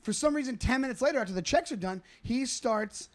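A male comedian co-hosting a podcast, telling a story in casual chat, animated and swearing freely as he acts out quotes. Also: very high voice, brisk.

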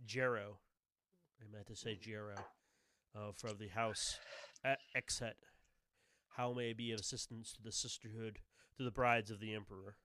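A man's voice: on the low side, steady tone, moderate pace, long pauses, pushed and bright, no echo. A man voicing a tall, thin male imperial attaché who speaks formally and with courtly politeness, in a tabletop game.

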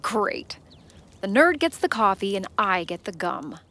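A woman's voice: mid-range voice, very animated, a little slow, sharp tone. An actress playing a smug, teasing young woman who talks playfully.

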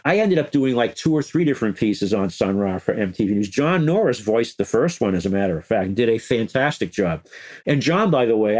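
An older man telling animated, chuckling stories as an interview guest, slipping into quoted voices. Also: lowish voice. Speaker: interview guest, former music news editor. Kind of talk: anecdotal interview storytelling.

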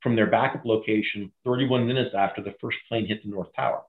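A middle-aged man retelling a crisis story in an interview, animated and acting out the voices of others. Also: lowish voice, fairly quick. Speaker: guest, former bank crisis manager. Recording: echoey, phone-like audio.

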